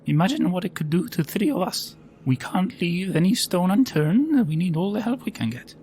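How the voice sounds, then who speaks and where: A man's voice: sits high, sing-song, moderate pace, a little mellow, a little hiss or hum. A man voicing an earnest adventurer and party leader who speaks persuasively.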